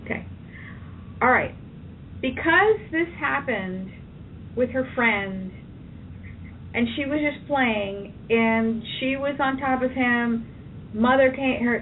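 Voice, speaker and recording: Brief: female practitioner, calm and directive, slightly high voice, heard distantly over a tinny phone line. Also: slow pace, slight background noise. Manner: calm, directive, leads phrases to repeat. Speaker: tapping practitioner guiding a client. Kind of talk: guided tapping session.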